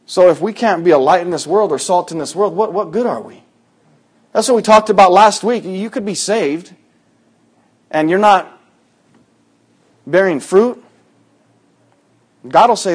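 High-voiced man preaching a sermon. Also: normal speed, long pauses. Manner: conversational preaching, acts out quoted voices with sudden loud high bursts.

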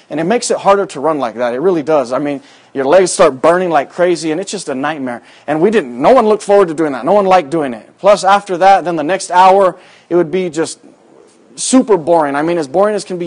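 Male pastor with a raised pitch, chatty and rambling, drifting from anecdote into scripture in church. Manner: folksy, rambling storytelling with many fillers. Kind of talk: sermon with personal story.

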